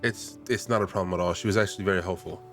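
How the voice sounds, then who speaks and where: Male player, deep voice, gentle and casual, TTRPG table. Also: fairly even intonation, very fast, faint music behind. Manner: gentle, casual, in-character speech mixed with chat.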